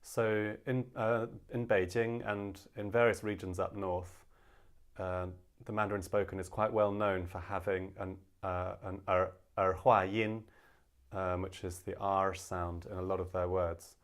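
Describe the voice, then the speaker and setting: A man teaching a casual language lesson, explaining with many fillers and slowing down to demonstrate pronunciations. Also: low-pitched, level tone.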